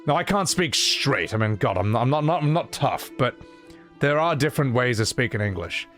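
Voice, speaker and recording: Lively man in casual gaming chatter. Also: mid-range voice, fairly quick, faint music behind. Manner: animated, rambling, swears freely. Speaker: streamer. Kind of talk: casual gameplay commentary.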